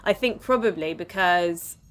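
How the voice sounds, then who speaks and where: A woman's voice: on the low side, measured pace, slight background noise. A woman with a southern English accent hosting a podcast in a chatty, playful way, often laughing. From southern England. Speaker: podcast host. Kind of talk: casual chat.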